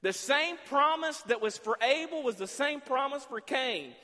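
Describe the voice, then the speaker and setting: A man delivers a sermon as pastor from a large church sanctuary, his fairly high voice carrying a long echo off the hall. He acts out dialogue in different voices and swings between loud and quiet passages. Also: lively intonation, moderate pace. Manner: preaching with shifting volume, acting out dialogue with God.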